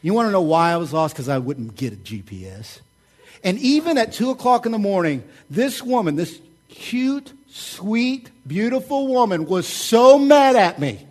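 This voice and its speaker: A middle-aged man preaching a sermon, telling stories in a casual, joking and animated way. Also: high voice, moderate pace. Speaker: pastor.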